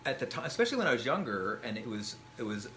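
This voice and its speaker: A man in his forties, a guest in a casual chat, talking reflectively with halting restarts. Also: mid-range voice, big pitch swings, sharp tone, slight background noise.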